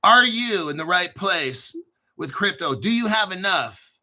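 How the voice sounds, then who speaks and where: A brash man hosts his crypto show off the cuff, cursing freely. His voice is very bright and pitched somewhat high. He drops into low grumbles, then jumps up into loud, excited outbursts. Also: unhurried. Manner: brash and profane, swinging from mumbled asides to loud hyped outbursts. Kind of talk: unscripted livestream commentary.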